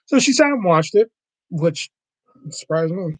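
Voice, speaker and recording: A man's voice: sits high, unhurried, dry recording, rough recording. A man hosting a casual livestream, rambling and swearing freely, with lots of filler words as he tells stories. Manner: animated storyteller. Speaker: livestream host.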